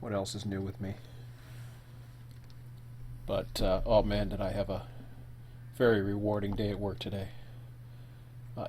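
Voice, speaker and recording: A man's voice: on the low side, completely flat delivery, measured pace, pauses often, dark tone, slight background noise. A man casually talking through a solo live stream, thinking aloud with fillers and self-corrections, sometimes while eating.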